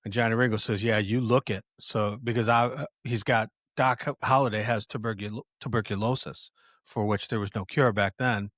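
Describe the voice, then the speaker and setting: A man with a somewhat low voice walks through a film scene on his podcast, chatty and conversational. He stops and restarts often, correcting himself with fillers along the way. The sound is dry and close. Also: fairly even intonation, fairly bright tone, dry recording. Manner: halting, self-correcting, full of fillers. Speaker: podcast host. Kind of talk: casual retelling of a film scene.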